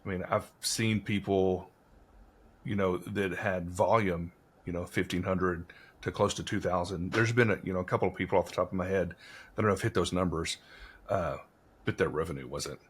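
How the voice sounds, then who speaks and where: Husky low-voiced man chatting. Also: steady tone, normal speed. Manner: rambling storyteller, many fillers. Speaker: podcast conversation partner. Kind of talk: casual conversation.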